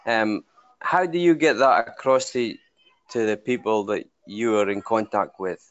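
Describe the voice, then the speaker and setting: A man's voice: fairly low pitch, a little slow, lo-fi sound. A man with a Scottish accent, a fitness coach, hesitantly asks a question over a video call. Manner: hesitant, with frequent "uh" fillers.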